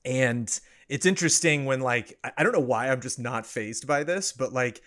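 A man chatting casually on a podcast, rambling with halting restarts and frequent laughs. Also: mid-range voice, fairly bright tone. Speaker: streamer guest.

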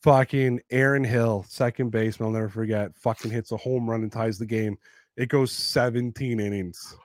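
Picture a man in his thirties spinning baseball yarns on a casual podcast, swearing freely and building each story with energy. His voice sits at an ordinary middle pitch. The sound is dry and close, with no room around it. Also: moderate pace, no echo. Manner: profane, animated storyteller. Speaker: podcast co-host. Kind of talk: casual sports chat.

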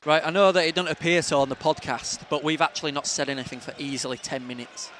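Bright-voiced sweary man. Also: on the high side, fairly even intonation, fast talker, slight background noise. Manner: blunt, sweary, jokey. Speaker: podcast co-host. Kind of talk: casual football podcast banter.

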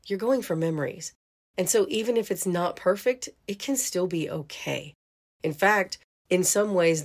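A middle-aged woman with a lowish, darkish voice hosts a podcast and recounts a family story in a relaxed, talkative way. She laughs a lot and keeps saying "you know."

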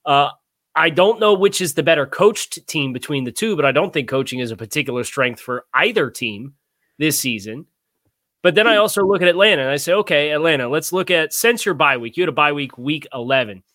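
Man, sports panelist, bright forceful voice, dry close sound, wry stat talk. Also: on the high side, lively intonation, fairly quick, no echo. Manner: analytical, wry, lists numbers. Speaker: podcast panelist. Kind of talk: casual sports chat.

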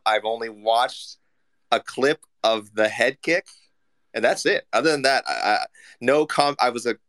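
Male co-host, casual, jokey, repeats himself; lowish voice. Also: a bit bright, smooth. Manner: rambling, repeats words, jokey. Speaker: regular co-host. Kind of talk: casual chat.

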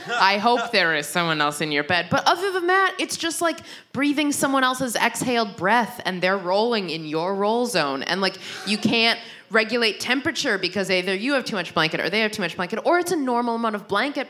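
A young woman performing a stand-up comedy set, rambling and self-deprecating, with frequent restarts and quick asides. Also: medium pitch, a bit bright.

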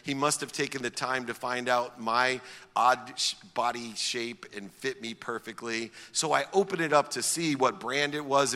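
Middle-aged man, from Ohio, emphatic personal storytelling, bright forceful voice, long reverb. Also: mid-range voice. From Akron, Ohio, US. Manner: emphatic, builds in repeated lists. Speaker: public speaker.

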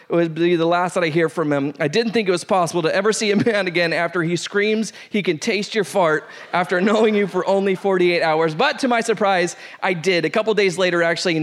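A man hosting a show, reading a funny first-date story aloud with lively, laughing delivery. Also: high voice. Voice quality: animated, breaks into laughter, shouts out the quoted lines. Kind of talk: comic storytelling read aloud.

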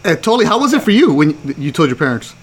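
A man's voice: fairly high pitch, fast talker, husky. A man hosting a podcast, chatting casually and teasing his guests. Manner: teasing, animated. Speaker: podcast host. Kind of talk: casual chat.

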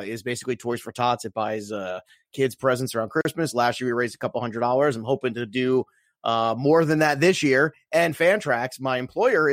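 Male podcast co-host, animated and playful, dry close mic, quick casual delivery. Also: medium pitch, no room sound. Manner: animated, playful hype with filler words. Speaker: fantasy football podcast co-host. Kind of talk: casual chat.

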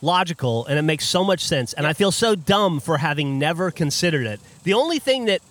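A man's voice: fairly high pitch, a little fast. A man hosting a podcast, telling a story in casual chat outdoors and acting out the quoted voices. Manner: animated storyteller, acts out loud quoted voices. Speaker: podcast host. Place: outdoors at a restaurant.

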